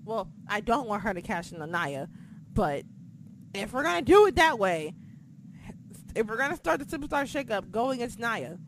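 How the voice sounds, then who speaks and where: A woman's voice: fairly high pitch, very animated, moderate pace, pauses often, slight background noise. A woman co-hosting a casual wrestling podcast, blunt and heavily profane as she rants about the show and her critics. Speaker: podcast co-host.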